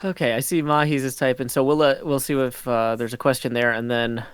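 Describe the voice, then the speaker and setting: A middle-aged man hosting a community meeting talks a little fast in a clean, mid-range voice with fairly even intonation. The casual meeting chat rambles, full of ums and laughs. It's a computer mic on a voice call, with no room sound.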